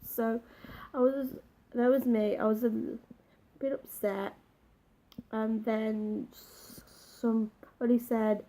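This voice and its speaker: Slow, mellow-voiced woman. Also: on the high side, flat delivery, rough recording. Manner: halting, emotional retelling with restarts. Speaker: vlogger. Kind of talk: personal storytime.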